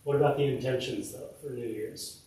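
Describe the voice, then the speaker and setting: A man's voice: medium pitch, fairly even intonation, fairly quick, dark tone. A man from a meditation group, speaking in a plain-spoken, reassuring way. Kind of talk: group discussion comment. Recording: very echoey room from far off, faint noise.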